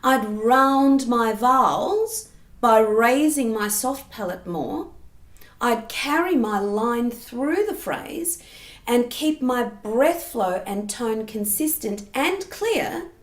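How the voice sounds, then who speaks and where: A woman singing teacher explaining vocal technique patiently and clearly, often checking in with the listener. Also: fairly high pitch, expressive, takes it slowly. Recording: roomy echo.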